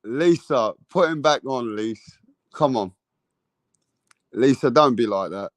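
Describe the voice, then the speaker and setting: A man's voice: mid-range voice, lively intonation, measured pace, no room sound. A man with an English accent hosting a casual boxing live stream, joking with viewers and swearing freely. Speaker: boxing channel host.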